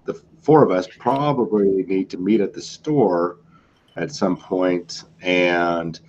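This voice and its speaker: A man co-hosts a casual chat with a very deep voice. He plans things aloud, easygoing and a little hesitant. The sound is dull and lo-fi, with a faint hiss behind him. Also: takes it slowly, a little mellow.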